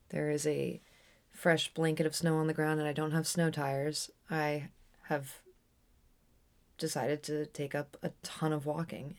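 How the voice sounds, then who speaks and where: Young woman, podcaster, deep voice, vocal fry, casual storytelling monologue, rambling. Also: darkish tone. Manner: candid, rambling, with frequent restarts.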